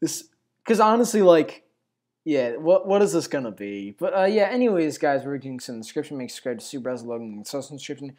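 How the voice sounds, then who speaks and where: A man's voice: on the high side, expressive, fast talker, darkish tone. A man hosting a reaction video, reacting with incredulous exclamations. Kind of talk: casual reaction commentary.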